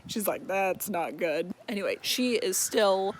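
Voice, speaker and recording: A chatty young woman talks through a book plot in a loose, rambling way, full of fillers and casual swearing. Her pitch sits in the middle, and a faint hiss of background noise runs under her voice. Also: animated, measured pace. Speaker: book recap vlogger. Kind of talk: casual book recap, acting out characters.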